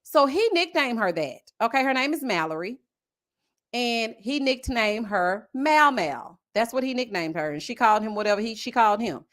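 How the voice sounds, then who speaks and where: A woman with a Southern US accent hosting a casual live-stream review, reading viewer comments and answering with sassy, animated asides. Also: a little high, normal speed. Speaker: reality TV review host. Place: home setup with a desk mic.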